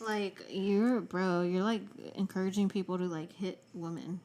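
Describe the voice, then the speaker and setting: A woman's voice: mid-range voice, normal speed. A young woman co-hosting a podcast in casual chat, laughing often and swearing freely. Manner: laughing often, profane and animated. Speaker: podcast co-host.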